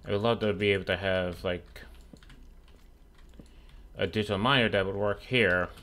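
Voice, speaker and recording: A man's voice: on the low side, fairly even intonation, normal speed, fairly bright tone. A young man giving casual, profane commentary while streaming a game, trash-talking the mobs that attack him. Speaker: gaming streamer.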